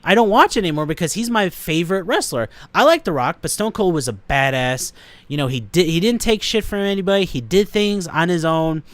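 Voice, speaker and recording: A man hosting a casual podcast, animated and joking, swearing freely. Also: high voice, clear, resonant tone, dry recording. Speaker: podcast host.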